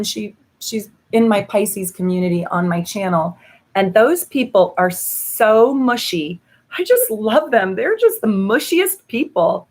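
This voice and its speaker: A bubbly woman hosts a live stream as an astrologer and tarot reader. She talks in an easy, chatty way, full of gushing warmth, small laughs and "um" fillers. Her voice sits at an ordinary mid pitch. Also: animated, measured pace. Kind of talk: casual live-stream chat with card readings.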